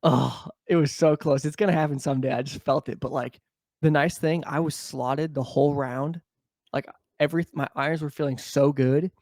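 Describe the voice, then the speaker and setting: A man tells stories on a podcast, swearing freely and acting out the people in them. His voice sits a little high and has a gravelly fry to it. The sound is close and dry. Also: moderate pace, no echo. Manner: profane, animated storyteller, mimics people. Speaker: podcast co-host. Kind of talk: casual chat.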